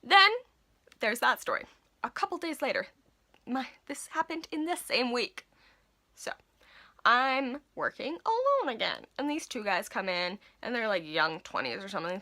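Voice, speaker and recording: A young woman in her twenties tells a story in a casual vlog. Her voice sits on the high side and sounds very bright. She talks in an animated way, with "like" in nearly every line. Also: brisk. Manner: animated, filler-heavy storytelling with lots of "like". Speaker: vlogger.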